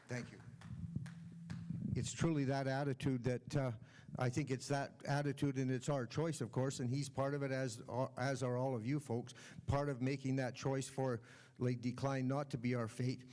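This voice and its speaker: A man hosting a conference session, thanking the speaker and addressing the audience in loose, halting remarks. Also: mid-range voice, a little mellow. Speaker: host.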